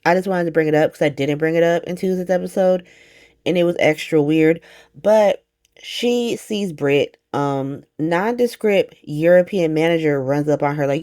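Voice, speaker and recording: A woman with a low voice runs through a soap opera recap in a loose, profane, slangy way. She keeps breaking off into asides and quick reactions as she goes. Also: warm tone. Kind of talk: casual recap monologue.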